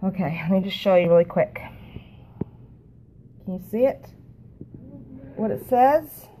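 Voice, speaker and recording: A woman talking to a phone camera in an emotional, halting way, often repeating herself. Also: medium pitch, lively intonation, mellow, slight background noise, rough recording. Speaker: network marketing team member. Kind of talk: emotional casual talk to camera.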